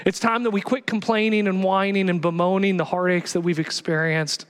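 A male pastor preaching passionately, swinging from hushed lines to loud exhortation. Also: sits high, little pitch movement, brisk, clear, resonant tone. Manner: passionate, builds to shouting exhortations. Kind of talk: sermon. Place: church. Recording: long reverb of a church hall.

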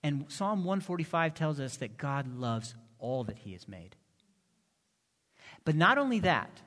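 Man preaching in a reverberant hall. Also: on the high side. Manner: impassioned, swings from soft pleading to loud emphasis. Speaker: pastor. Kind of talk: sermon. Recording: long reverb of a large hall.

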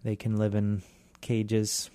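Laid-back male radio host, smooth voice. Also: on the low side, completely flat delivery, warm tone, dry recording. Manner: laid-back, halting with fillers. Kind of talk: casual radio chat.

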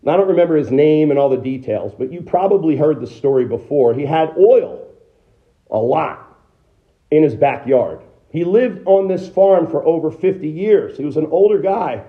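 Male American pastor, fairly high voice, conversational sermon delivery with rhetorical questions, dull muffled recording. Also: expressive, normal speed. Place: church sanctuary.

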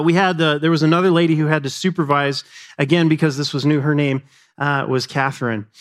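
Male pastor in his thirties, slightly higher voice, relaxed storytelling sermon, talks to the room. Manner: storytelling, conversational, addresses the congregation directly.

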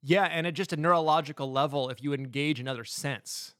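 A man with a somewhat high voice talks in a lively, animated way and moves quickly between thoughts and anecdotes. His voice sounds close and dry, with no room echo. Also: clean tone. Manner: animated storyteller, quick asides. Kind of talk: casual chat.

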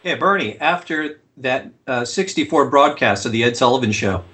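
A man interviewing a guest, asking curious, lively questions. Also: medium pitch, normal speed.

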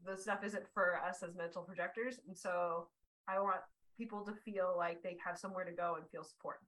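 Bright, bubbly chatterbox woman. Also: lowish voice, brisk, poor audio. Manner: bubbly, excitable, talkative; tears up when excited. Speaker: podcast host. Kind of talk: casual podcast chat.

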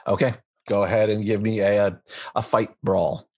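A man running a tabletop horror game as game master, narrating in a measured way. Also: lowish voice, fairly even intonation.

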